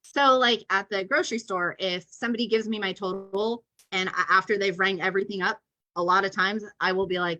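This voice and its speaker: A middle-aged woman talks casually on a video call, her voice bright and forward. She tells stories at length, full of fillers and dry, deadpan jokes. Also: medium pitch, brisk, poor audio. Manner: chatty storyteller, many fillers, deadpan jokes. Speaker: podcast co-host. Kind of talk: casual chat.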